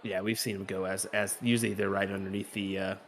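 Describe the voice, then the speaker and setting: Easygoing darts co-commentator. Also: male voice, deep voice, flat delivery, fast talker, a bit bright, slight background noise. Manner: easygoing, laughs often, chats with the audience. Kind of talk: casual play-by-play commentary.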